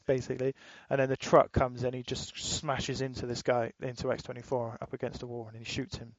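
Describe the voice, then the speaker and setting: Casting note: man, podcast co-host, loose swearing chatter, flat tone, dry close sound. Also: mid-range voice, a little fast, few pauses, no echo, lo-fi sound. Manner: rambling, swears freely, laughs while retelling. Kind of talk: casual chat.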